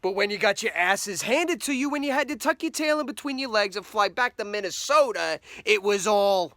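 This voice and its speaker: Man, very high voice, sarcastic scolding comedy rant, dry close recording. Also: expressive, normal speed, gravelly, hardly any pauses, a bit bright, no room sound. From Philadelphia. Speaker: comedy vlogger. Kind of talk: mock-serious comedic rant to camera.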